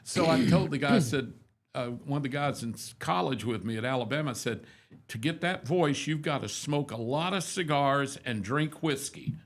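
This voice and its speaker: A man's voice: medium pitch, lively intonation, normal speed. A man in his seventies, a radio host, telling rambling, self-deprecating stories in a casual, folksy chat. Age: 70s.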